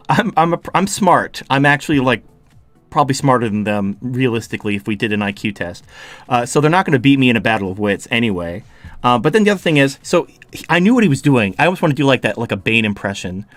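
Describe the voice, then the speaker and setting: A man's voice: mid-range voice, animated, quick pace, a bit bright, no room sound, faint music behind. A man hosting a podcast, ranting in a heated, profane, mocking way. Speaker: podcast host.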